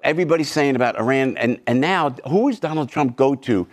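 A man with a New Jersey accent, a comedian riffing on a talk show with rambling, animated jokes and frequent laughs. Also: medium pitch, a little fast. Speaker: comedian guest. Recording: studio audience behind the voice. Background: studio audience.

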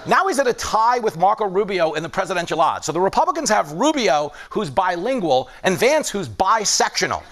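A man's voice: high-pitched, a little fast, few pauses. A man hosting a late-night comedy show, delivering a joking, mock-outraged monologue. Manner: animated, mock-outraged joking with a studio audience. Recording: studio audience laughter and noise.

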